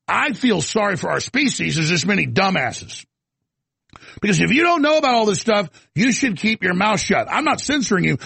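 A middle-aged man hosting a talk radio show, ranting about politics and swinging between shouting and muttered apologies. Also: high-pitched, gravelly, husky, no echo. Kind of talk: heated political radio monologue.

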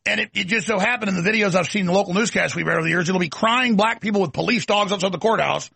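A middle-aged talk show host rants through a political monologue in a rapid-fire, emphatic, rambling way. His high voice is very gravelly, bright, and slightly husky, recorded dry and close.

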